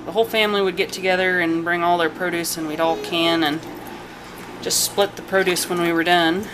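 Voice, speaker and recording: In her kitchen, a home cook and channel host rambles casually through a cooking vlog, full of fillers and asides. Her voice sits fairly low, with brisk delivery and fairly even intonation. The home video carries noticeable background noise.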